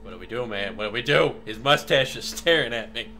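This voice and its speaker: A man's voice: mid-range voice, animated, brisk, bright, forceful tone, soft background music. A man joking and teasing his friend during casual co-op gameplay commentary. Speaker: gaming host.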